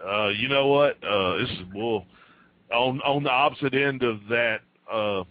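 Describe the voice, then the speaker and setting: A male guest on a radio roundtable telling a story in a casual, laid-back way, pausing often on "uh". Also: mid-range voice. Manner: laid-back, many "uh" pauses. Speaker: guest wrestler. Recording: dull lo-fi line.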